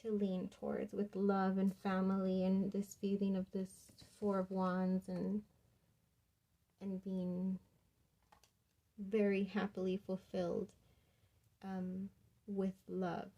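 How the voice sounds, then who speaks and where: Young woman doing a tarot reading, soft rambly talk, lots of likes and ums, mellow warm tone. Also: medium pitch, monotone, slow, pauses often, highs cut off. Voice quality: soft, rambling, with many fillers. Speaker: tarot reader.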